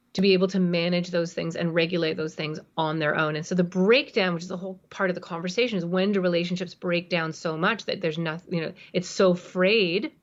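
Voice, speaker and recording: A woman's voice: fairly low pitch, muffled recording. A woman being interviewed as a parenting expert on a podcast, explaining emphatically and acting out examples.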